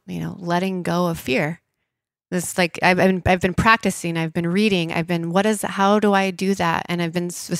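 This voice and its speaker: A woman in her thirties, a podcast guest, telling a heartfelt personal story with many "like" fillers and soft hushed moments. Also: on the low side, no room sound, clean studio sound. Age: 30s. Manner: emotional, frequent "like" fillers, soft hushed inner voice at times.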